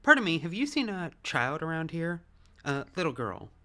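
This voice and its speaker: A man's voice: on the high side, very animated, sharp tone, exaggerated voice. Man reading as a dry, condescending doctor. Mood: probing. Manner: clinical, condescending, slow and deliberate. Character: stern, dry male doctor searching for a lost child. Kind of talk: voicing game dialogue with friends.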